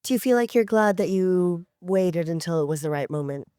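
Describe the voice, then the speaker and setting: Mellow, smooth-voiced woman interviewer. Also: on the low side, lively intonation, moderate pace, no echo. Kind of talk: interview questions.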